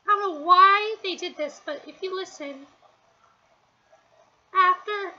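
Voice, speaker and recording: A woman from New Jersey with a very high, bright, sharp voice talks through a review in casual, rambling fashion, pausing often on fillers. The recording is dull and lo-fi, with faint noise behind her. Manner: rambling, hesitant, full of fillers.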